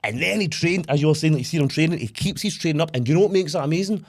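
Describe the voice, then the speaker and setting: A man's voice: fairly high pitch, rapid-fire. A man co-hosting a casual podcast, retelling film scenes with lots of energy and swearing. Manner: animated storyteller, swears freely. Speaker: podcast co-host. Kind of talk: casual chat.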